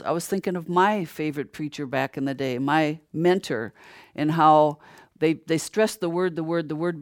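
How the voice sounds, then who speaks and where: Older preacher asking questions and answering them himself, mid pitch, very dry sound, gets loud n high when fired up. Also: dry recording. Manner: grows louder and higher when stirred. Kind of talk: sermon.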